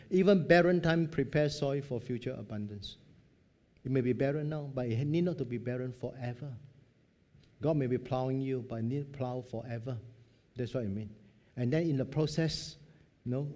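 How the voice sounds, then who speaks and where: Man, pastor, mellow tone, conversational sermon. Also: mid-range voice. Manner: conversational preaching, repeats points, acts out quoted dialogue.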